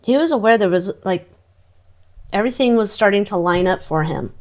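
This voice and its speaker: A woman's voice: mid-range voice, animated, brisk. A woman giving a casual psychic tarot reading, chatty and exclamatory, talking to her cards as she turns them. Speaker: tarot reader.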